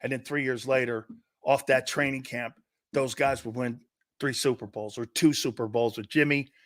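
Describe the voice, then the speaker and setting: A man's voice: mid-range voice, fairly even intonation, normal speed. A middle-aged man hosting a sports talk show, rambling through stories and laughing often. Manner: rambling storyteller, laughs a lot, quotes others. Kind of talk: casual live-stream sports talk.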